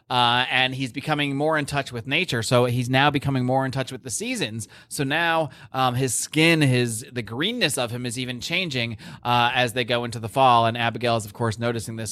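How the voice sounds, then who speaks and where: A man's voice: medium pitch, pushed and bright, dry recording. A man hosting a podcast, recapping a comic book issue in casual chat with many fillers and restarts. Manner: recaps plot animatedly, lots of fillers and restarts. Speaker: podcast host.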